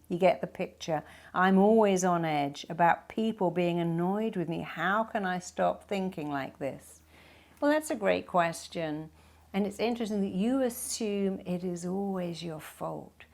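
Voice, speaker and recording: Emphatic low-voiced woman giving advice. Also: unhurried, darkish tone. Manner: emphatic, acts out quoted speech. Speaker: self-help speaker. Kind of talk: advice answering viewer questions.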